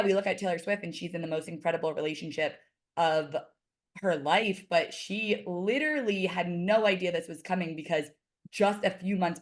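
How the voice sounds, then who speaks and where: A woman guest on a podcast, chatting casually and peppering her talk with "like". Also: fairly low pitch. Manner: chatty, lots of "like" fillers. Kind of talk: casual chat.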